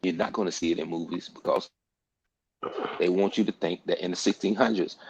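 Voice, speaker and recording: A man's voice: sits low, fairly even intonation, brisk, breathy edge, rough recording. A man hosting a casual group talk, speaking emphatically and repeating words for stress, with casual slang and profanity. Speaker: podcast host.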